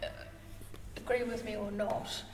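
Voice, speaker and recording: A woman's voice: mid-range voice, little pitch movement, unhurried. Woman, far from the mic. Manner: earnest, agreeing, thoughtful. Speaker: podcast guest. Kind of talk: casual chat. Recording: distant mic in an echoey room with noise.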